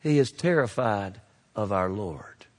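Pastor preaching in a hall. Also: male voice, fairly low pitch, lively intonation, unhurried. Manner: swings between loud exhortation and hushed asides. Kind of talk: sermon.

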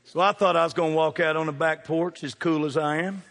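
A pastor tells a funny story from the pulpit, his voice pitched high for a man. He drops into quiet asides and then bursts out loud, playing to the congregation. His words ring out with a long reverb through a large church sanctuary. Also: a little fast, gravelly. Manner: animated, jokey, jumps from hushed asides to loud calls. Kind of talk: humorous storytelling sermon.

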